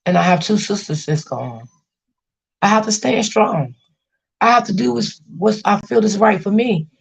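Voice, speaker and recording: A woman's voice: mid-range voice, lively intonation, moderate pace, creaky, slightly rough. A woman hosting a casual livestream, venting about family and reassuring her chat viewers, often repeating herself. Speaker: livestream host.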